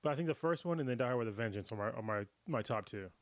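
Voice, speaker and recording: Man in his thirties, livestream host, easygoing chat, slightly hoarse, mid-pitched, dry close sound. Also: very fast, no echo. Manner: relaxed, laughs often, trails off. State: getting over a cold. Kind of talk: casual chat.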